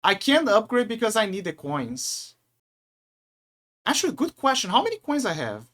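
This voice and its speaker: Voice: medium pitch, wildly swooping pitch, moderate pace, a bit bright. A streamer chatting casually to viewers while gaming, often stammering and repeating words as they vent.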